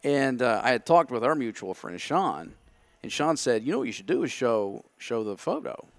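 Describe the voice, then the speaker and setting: A man's voice: medium pitch, sing-song, moderate pace, no room sound. A man telling a story in casual chat, acting out his own past thoughts. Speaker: podcast guest.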